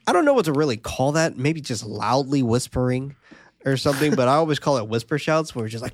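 Man, casual podcast host, plot recap, mid-pitched voice, dry close sound. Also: sing-song, fast talker, no echo. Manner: laid-back, laughs at his own asides, reads plot summary aloud.

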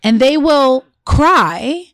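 A woman co-hosting a podcast, chatting casually and telling animated stories about her kids. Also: high voice, drawn-out words, no echo, studio quality. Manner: animated storytelling with quoted voices. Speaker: podcast co-host. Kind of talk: casual chat.

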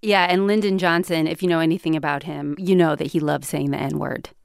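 A woman's voice: deep voice, fairly even intonation, a little fast, gravelly, clear, resonant tone, dry recording. A woman co-hosting a podcast from a studio, adding dry, wry quips in casual chat. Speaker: podcast co-host. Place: recording studio.

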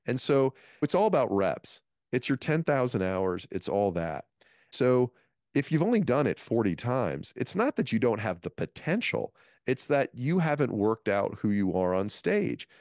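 A man in his fifties, a comedian guest, telling stories from his career in a lively interview. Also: mid-range voice, unhurried, dry recording, clean studio sound. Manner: animated storyteller, restarts phrases. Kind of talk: storytelling interview talk.

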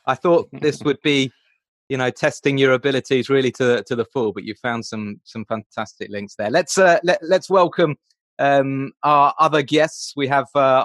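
A man's voice: medium pitch, fairly bright tone, no room sound. A man hosting a football podcast, talking casually with fillers and restarts. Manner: chatty, loose with fillers and restarts. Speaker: podcast host.

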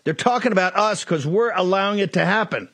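A man's voice: sits high, brisk, a bit bright, dry recording. A middle-aged man hosting a political talk show, delivering a fiery, ranting monologue full of repeated accusations. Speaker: host.

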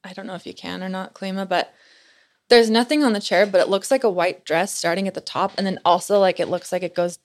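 A young woman chats loosely with a podcast host, her sentences strung together with frequent "like"s. She sounds casual and talkative, with a middle-range pitch, and tells her story as it comes. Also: steady tone, a little fast. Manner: chatty, peppers speech with "like". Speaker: podcast guest.

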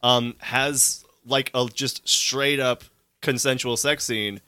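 A man co-hosting a casual podcast chat, talking with animated enthusiasm. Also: mid-range voice, takes it slowly, smooth, dry recording.

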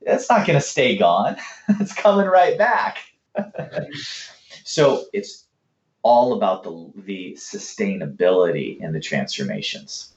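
A man working as a fitness coach, telling client stories in a lively, casual way and acting out both sides of the talk. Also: fairly low pitch, takes it slowly. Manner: animated, acts out client conversations. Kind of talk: casual storytelling interview answer. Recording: roomy, dull lo-fi sound.

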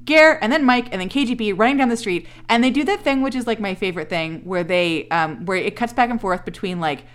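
A woman co-hosting a podcast, talking through a TV episode with a friend in loose, sarcastic chat. She swears freely and slips into quick impressions of the characters. Her voice sits at a middle pitch. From Canada. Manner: animated, sarcastic, swears, acts out characters' lines. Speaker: podcast co-host. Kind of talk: casual chat recapping a TV episode.

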